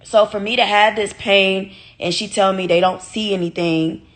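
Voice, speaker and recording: A woman's voice: medium pitch, steady tone, moderate pace, few pauses, a bit bright. A woman from the United States, vlogging a casual storytime straight to her viewers, emphatic and swearing freely.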